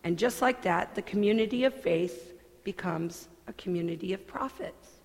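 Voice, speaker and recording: A woman pastor delivering a sermon in a church sanctuary, earnest and deliberate, with conversational asides. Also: medium pitch. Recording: long hall reverb.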